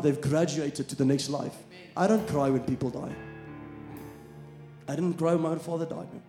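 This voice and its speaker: A man's voice: mid-range voice, creaky. Preaching man in an echoey hall. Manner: swings from quiet storytelling to loud preaching, calls out to the crowd. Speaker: pastor. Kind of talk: sermon.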